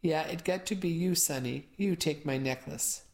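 A woman's voice: deep voice, normal speed, a little mellow. A woman voicing a cranky old woman who speaks broken English and accuses everyone harshly. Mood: accusing. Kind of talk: audiobook character voice.

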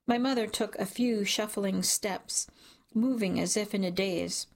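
Gravelly woman narrating a dark story. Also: mid-range voice. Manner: measured, dramatic storytelling. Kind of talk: scripted audiobook narration.

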